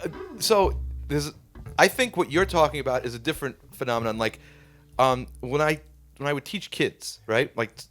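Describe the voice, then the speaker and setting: A man who hosts a casual band podcast and plays guitar in the band speaks in a mid-range, slightly bright voice at normal speed, with soft music in the background. He chats in a curious, rambling way with plenty of fillers.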